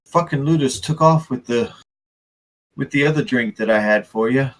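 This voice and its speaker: A man playing a gruff tavern keeper woman. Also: mid-range voice, moderate pace, natural voice. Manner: blunt, offhand. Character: gruff foul-mouthed female tavern keeper.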